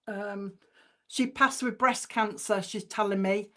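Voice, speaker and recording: A woman's voice: mid-range voice, fairly even intonation, a bit bright. A woman, a spiritualist medium giving clairvoyant messages at a church service in a chatty, informal way. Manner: chatty and informal, relays messages by repeating them slowly.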